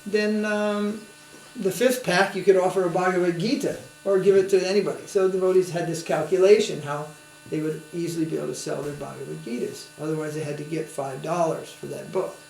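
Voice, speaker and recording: Here a male swami talks a little fast, his slightly high voice gravelly but a touch mellow and steady in tone. He teaches spiritually through casual storytelling and tag questions, asking listeners to keep up. The recording is roomy, carrying a faint hum.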